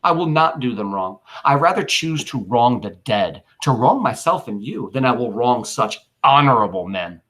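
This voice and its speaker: A cunning, grieving Roman orator addresses a restless crowd, as a husky-voiced man reads him aloud. The delivery is measured and rhetorical, with a slightly raspy edge. It sounds like a classroom reading of a stage play. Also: medium pitch, big pitch swings, a bit bright. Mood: ironic.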